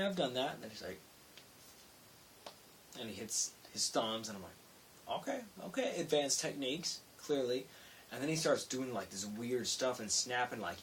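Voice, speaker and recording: A young man's fairly low voice comes from far off the mic, with a faint hiss in the background. He's vlogging late at night, rambling through a work story, stopping himself mid-thought, and loudly acting out quotes.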